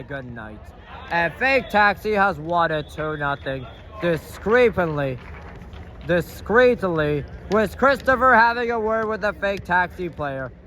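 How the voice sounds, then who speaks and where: A man giving excited amateur play-by-play from the sideline of an outdoor stadium field, shouting at big plays and calling out to players and the referee. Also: high voice, slight background noise. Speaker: sideline commentator filming the match.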